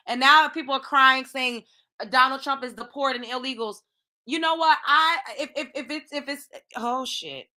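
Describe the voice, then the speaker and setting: A woman's voice: a little high, moderate pace, bright, forceful tone. A woman hosting her own show, ranting in heated, profane commentary with lots of exclamations. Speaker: show host.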